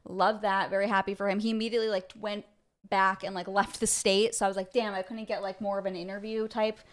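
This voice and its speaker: A woman hosting a livestream in a loose, chatty way. She sounds breezy and flippant, tossing off asides and quick jokes. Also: mid-range voice, level tone. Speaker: livestream host. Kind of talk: casual livestream chat.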